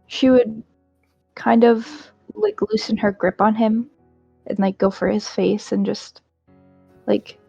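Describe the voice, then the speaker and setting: Gravelly-voiced woman, chatty game player. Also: fairly high pitch, slow pace, pauses often, mellow, no echo, highs cut off, soft background music. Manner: chatty, fillers. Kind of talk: casual tabletop role-play.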